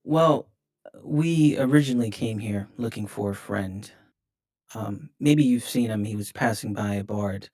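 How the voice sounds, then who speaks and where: A man playing a confident, smooth-talking adventurer who speaks politely and persuasively, in a tabletop game. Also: fairly low pitch, a little slow, a little mellow, close to an everyday voice. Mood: courteous.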